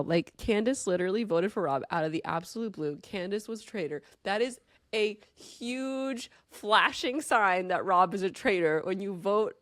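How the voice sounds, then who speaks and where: A woman's voice: medium pitch, no echo, studio quality. A woman hosting a podcast in casual chat, retelling events emphatically and swearing freely. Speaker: podcast host.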